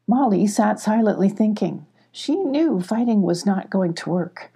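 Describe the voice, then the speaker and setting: Slow, calm woman reading a storybook. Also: mid-range voice, creaky, husky. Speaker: audiobook reader. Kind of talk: storybook narration.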